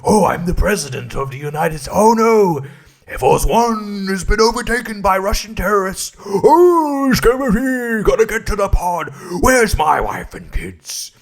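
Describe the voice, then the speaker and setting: A man parodying an overacting president in an action film, talking high, loud and frantic. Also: sing-song, measured pace, gravelly, heavily acted. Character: panicking, overacting male movie president.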